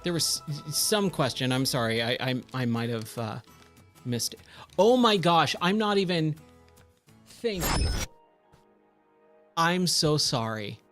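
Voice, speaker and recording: A man's voice: on the high side, expressive, slow, pauses often, a bit bright. A man chatting casually on a gaming livestream, easily amazed and thanking viewers, with faint game music behind.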